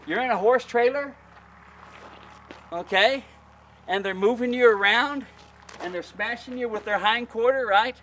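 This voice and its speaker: A man's voice: extremely high pitch, measured pace, long pauses, pushed and bright. A man coaching a group through a hands-on mule training demonstration, in a folksy, plain-spoken way that calls his audience folks.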